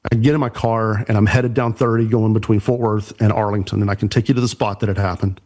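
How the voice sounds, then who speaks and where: A man's voice: on the low side, steady tone, fast talker, darkish tone. A man, a church production pastor and podcast guest, earnestly telling an emotional personal story.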